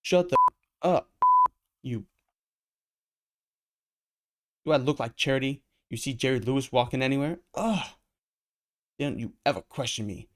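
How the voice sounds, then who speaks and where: A man voicing a brutal, menacing male pimp in a comic reading, snarling and loud. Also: lowish voice, little pitch movement, fast, hardly any pauses. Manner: snarling, shouting.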